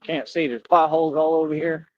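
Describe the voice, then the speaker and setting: A man's voice: fairly high pitch, flat delivery, fairly quick, no room sound, lo-fi sound. A man live-streaming while walking outdoors, chatting casually in a rambling, laid-back way. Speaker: street streamer in costume. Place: outdoors on streets. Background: passing traffic.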